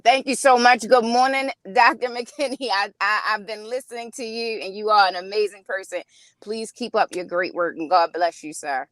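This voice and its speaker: A woman's voice: mid-range voice, fairly even intonation, moderate pace, a bit bright, no echo. A woman in her thirties with a Baltimore accent, calling in by phone while driving and chatting with upbeat laughter and many "um"s. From Baltimore, Maryland. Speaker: singer calling in. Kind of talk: casual call-in chat. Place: in a car, driving.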